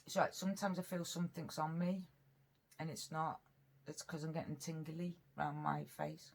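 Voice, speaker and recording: A woman's voice: sits low, flat delivery, moderate pace. A woman from Britain, chatting in a rambling, earnest way while eating on camera for her vlog. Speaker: mukbang vlogger. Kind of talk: casual eating chat.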